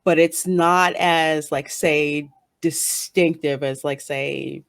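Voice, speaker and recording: A woman's voice: sits low, fairly even intonation, slow pace, creaky, no echo. A woman with a Northeastern American accent hosting a casual interview, chatty and laughing often as she acts out what people say. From northern United States. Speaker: interview host. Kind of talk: casual online interview chat.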